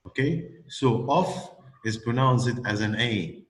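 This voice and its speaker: A man's voice: medium pitch, a little slow, hardly any pauses, fairly bright tone, poor audio. A man teaching English pronunciation, patiently modelling phrases for a student. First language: Arabic. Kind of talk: classroom lesson with a student.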